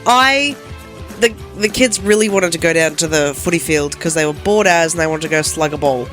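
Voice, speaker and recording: A woman's voice: low voice, moderate pace, a bit bright, faint music behind. A woman in her thirties with an Australian accent, a breakfast radio co-host telling a story in casual, self-mocking chat. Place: radio studio. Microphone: studio microphone.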